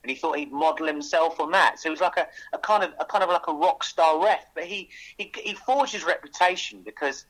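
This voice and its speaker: A man being interviewed about his book, telling lively anecdotes with frequent restarts and laughs. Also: a little high, brisk, few pauses, poor audio. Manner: enthusiastic storyteller with frequent restarts. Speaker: author guest. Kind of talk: casual radio interview chat.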